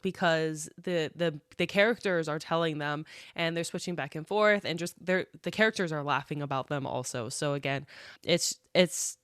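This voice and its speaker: Low-voiced woman co-host. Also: clear, resonant tone, no room sound, studio quality. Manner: thoughtful, with small restarts, agreeable. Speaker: podcast co-host. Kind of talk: casual book club chat.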